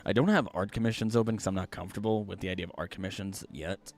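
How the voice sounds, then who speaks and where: Talking fast in a low voice, a streamer who also does voice acting hangs out casually with his viewers. He's animated and jokey, reading their chat messages aloud.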